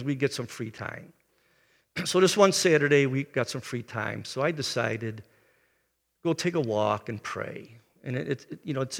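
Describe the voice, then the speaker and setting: An older man in his seventies preaches a sermon with a gravelly, creaky voice. He tells stories earnestly and clears his throat often. A long reverb from the hall trails his words. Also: medium pitch, fairly bright tone. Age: 70s. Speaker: pastor.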